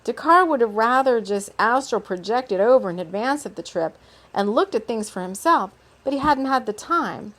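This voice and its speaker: A woman reads a story aloud in a fairly high voice. She keeps it relaxed and unpolished, breaking off for little asides. The feel is a casual spoken storytelling session. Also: normal speed. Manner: relaxed, with off-script asides and laughs.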